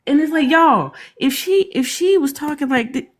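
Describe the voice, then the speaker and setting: Picture an emphatic woman riffing on a reaction stream, her voice jumping up and down in pitch as she makes her point. She laughs often and keeps a casual, heated talking tone. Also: expressive, normal speed. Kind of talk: casual commentary chat.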